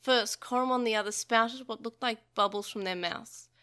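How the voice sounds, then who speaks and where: Woman reading a novel aloud, bright. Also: fairly high pitch, moderate pace, clear, resonant tone. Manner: expressive, with small slips. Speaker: podcast host reading a novel.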